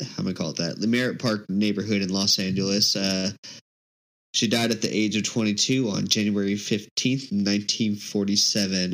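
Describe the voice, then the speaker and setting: A man on a podcast reading out a case summary, halting and tripping over names. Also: on the low side, a bit bright, low-quality recording. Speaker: podcast co-host.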